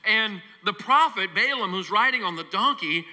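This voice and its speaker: A man preaching a sermon as pastor, telling a Bible story with animated acting-out of the characters. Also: sits high, normal speed, big-room sound.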